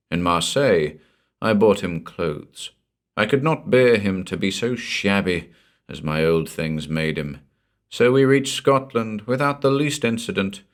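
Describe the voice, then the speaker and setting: A man with a deep, low-pitched voice reads a horror tale aloud. His storytelling is measured and unhurried, with dramatic pauses between phrases. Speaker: narrator. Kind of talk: scripted horror audiobook narration.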